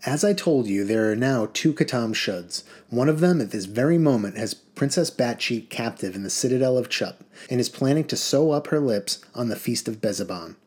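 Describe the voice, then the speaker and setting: A man voicing a grave, solemn male warrior who speaks in measured sentences in an audiobook reading. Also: mid-range voice, lively intonation, darkish tone, slightly rough.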